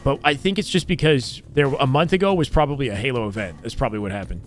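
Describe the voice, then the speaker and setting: A man's voice: mid-range voice, fast talker, faint music behind. A young man from Canada, casually commentating game scrims on a live stream and reading chat in a laid-back, chatty way.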